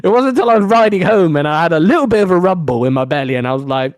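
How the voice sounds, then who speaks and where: A young man originally from Africa, co-hosting a podcast and telling a long story in a casual, swearing, animated way. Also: on the high side, racing, dry recording. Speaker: podcast co-host.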